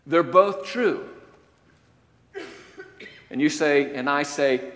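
A male preacher delivering a sermon, swinging from quiet, low statements to loud, emphatic declarations. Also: animated, takes it slowly, long pauses. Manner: varies loudness, rising to emphatic declarations and dropping low. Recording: long hall reverb.

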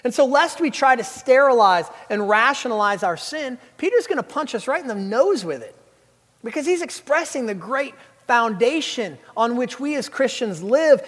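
High-voiced male preacher in a reverberant hall. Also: fairly bright tone. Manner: storytelling with humor and emphatic preaching. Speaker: pastor. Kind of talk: sermon.

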